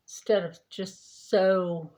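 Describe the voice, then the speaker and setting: A woman's voice: fairly low pitch, steady tone, takes it slowly, mellow. A woman vlogger chatting casually during her skincare routine, telling a rambling story with lots of fillers.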